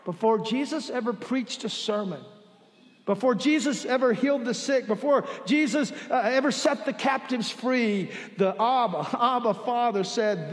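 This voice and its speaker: A man preaching a sermon as pastor in a church, with dramatic pauses and soft, drawn-out emphasis. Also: very high voice. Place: church sanctuary. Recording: reverberant hall.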